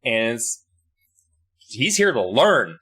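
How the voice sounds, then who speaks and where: A man's voice: medium pitch, sing-song, slow, bright, forceful tone, slightly rough. A young man co-hosting a podcast, recapping a story in a profane, rambling, jokey way. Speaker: podcast co-host. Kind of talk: casual comedic recap.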